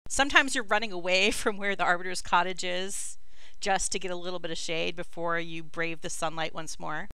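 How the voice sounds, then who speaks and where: A woman's voice: lowish voice, fairly even intonation, brisk, bright, forceful tone, smooth, no room sound, rough recording. A woman running a tabletop fantasy game as dungeon master, narrating scenes in a chatty, descriptive way with frequent fillers.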